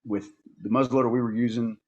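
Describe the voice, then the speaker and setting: A man, a podcast guest and hunting outfitter, telling stories in a lively, animated way and often repeating words. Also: medium pitch, fast, muffled recording. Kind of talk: casual storytelling conversation.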